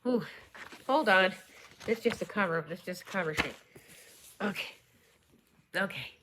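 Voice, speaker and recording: A woman vlogger unboxing and showing a book in a casual chat, gushing with excitement and dropping into whispered asides. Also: medium pitch, normal speed, pauses often, slight background noise.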